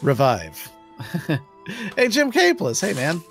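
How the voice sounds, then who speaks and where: A woman streaming a survival game, talking slowly but with a wide, bouncing pitch as she swears and laughs at the action. Soft music plays underneath her voice, and her commentary is loose and excitable. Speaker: live streamer. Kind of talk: casual gameplay commentary.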